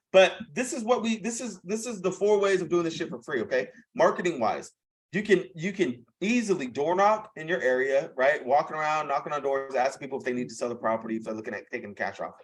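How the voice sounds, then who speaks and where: A man's voice: fairly high pitch, expressive, brisk, low-quality recording. A young man hosting a live video call, coaching in a blunt, profane, chatty way and saying "bro" and "okay" a lot. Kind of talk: casual coaching talk.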